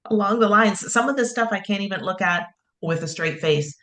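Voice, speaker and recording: A woman co-hosting a casual opinion chat, measured and careful, reading out news items. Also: mid-range voice, a bit bright. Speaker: podcast co-host.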